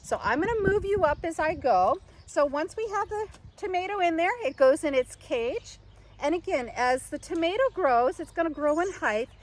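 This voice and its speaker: An older woman with a very high, lively voice talks at a normal speed while giving a meandering garden how-to outdoors at home. Fillers and false starts run throughout, and she addresses a camera she set up and aimed herself. The recording sounds rough.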